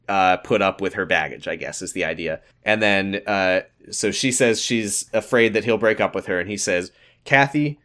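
A man co-hosting a casual podcast, recapping episodes in a deadpan, sarcastic way and swearing freely. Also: on the low side. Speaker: podcast co-host recapping a show.

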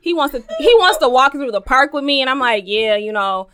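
A young woman co-hosting a casual podcast, telling a story with animated retellings of what people said. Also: sits high, fast, a little hiss or hum. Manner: animated storyteller, acts out quoted dialogue. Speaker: podcast co-host.

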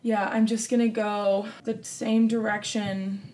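A woman's voice: mid-range voice, level tone, measured pace, darkish tone, slight background noise. A woman playing a tabletop game, chatty and a bit anxious, asking the game master questions. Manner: chatty, self-deprecating, anxious. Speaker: player. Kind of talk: casual tabletop play.

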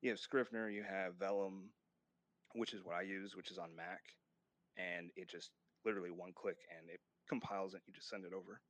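A man's voice: deep voice, fairly even intonation, a little fast, fairly bright tone, no room sound. A man, a guest author, talking casually in an interview, rambling a little with fillers and restarts.

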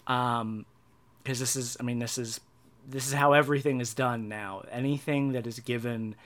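Halting, wry young man talking. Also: medium pitch, fairly even intonation. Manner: halting, many restarts and fillers, wry dark humor. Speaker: vlogger. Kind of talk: casual personal monologue.

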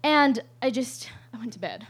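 Woman, high voice, live comic storyteller, swears freely and keeps laughing mid-story. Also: animated, normal speed, husky. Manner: rambling, profane, laughs often.

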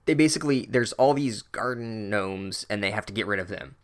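A man's voice: fairly low pitch, brisk. Man doing a sardonic book recap, casual and crude, heavy on filler words. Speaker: book reviewer. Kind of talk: sarcastic chapter recap.

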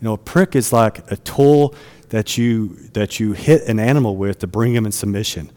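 A man's voice: fairly low pitch, moderate pace, darkish tone, long reverb tail. A man preaching a sermon in a conversational way, often asking his listeners rhetorical questions.

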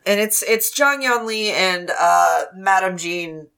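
A woman co-hosting a casual book discussion, animated and swearing freely. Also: mid-range voice, slow pace, vocal fry. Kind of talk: casual book-club chat.

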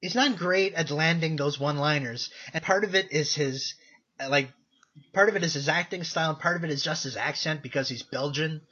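A man's voice: a little high, a little fast, pushed and bright, slightly rough, highs cut off. A man co-hosting a casual movie podcast, rambling with lots of fillers and self-corrections. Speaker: podcast co-host.

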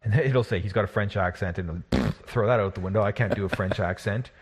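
Husky man, rambling chat. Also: lowish voice, a little fast. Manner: rambling, restarts often, laughs while talking. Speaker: podcast co-host and game master. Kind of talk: casual chat.

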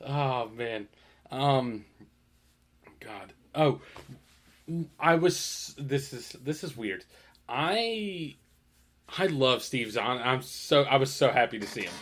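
A man's voice: mid-range voice, lively intonation, takes it slowly, pauses often, fairly bright tone. A young man co-hosting a podcast, chatting casually, swearing freely and laughing as he recalls TV scenes. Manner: swearing, laughing, quoting TV lines. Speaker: podcast co-host. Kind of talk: casual chat.

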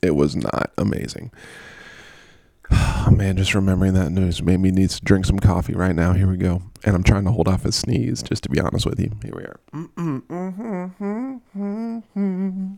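Male vlogger, low and dark-toned, casual rambling jokey commentary. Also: steady tone, quick pace, creaky, no room sound, studio quality. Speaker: fantasy football vlogger.

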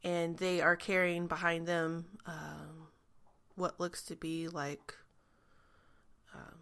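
A woman leads a tabletop game as its game master, her voice bright and clear. She narrates in halting bursts, full of fillers and little laughs. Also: lowish voice, level tone.

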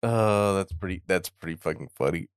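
A man co-hosting a podcast in casual chat, animated and swooping up into character voices as he recaps a show. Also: moderate pace, clear, resonant tone, no room sound, studio quality. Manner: animated, swings his pitch up when mimicking characters. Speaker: podcast co-host. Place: Japan.

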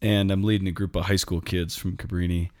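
Deep-voiced priest, animated storyteller. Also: male voice, a little fast, no echo, clean studio sound. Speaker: priest co-host. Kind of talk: casual storytelling chat.

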